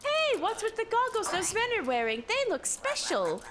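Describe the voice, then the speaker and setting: A woman's voice: extremely high pitch, wildly swooping pitch, moderate pace, background noise, voice pushed up, full character voice. A woman doing a sweet, cutesy young adventurer. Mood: curious. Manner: sweet, sing-song cutesy voice. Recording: loud game music behind.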